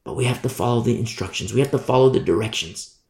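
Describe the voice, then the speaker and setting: A man preaching a sermon, telling a story with lively energy and acting out shouted warnings. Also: medium pitch, fast, creaky. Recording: echoey room.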